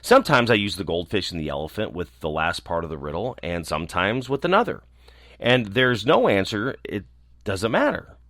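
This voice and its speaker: A man voicing a quick-witted, forward young male gnome who chatters eagerly in a storybook. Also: fairly low pitch, very animated, a bit bright, no room sound, studio quality. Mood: chattering.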